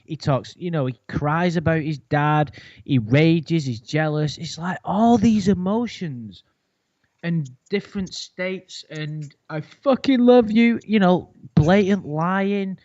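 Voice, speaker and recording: A man hosting a casual podcast, swearing freely and mocking with a dry wit. His voice sits a bit high for a man. The recording is muffled and lo-fi, with a flat, dry sound and no room echo. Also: slow pace. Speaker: podcast host. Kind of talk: casual chat.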